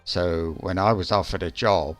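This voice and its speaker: A man's voice: low voice, fairly even intonation, normal speed, soft background music. A man streaming a game live, chatting casually in a rambling, hesitant way with lots of restarts.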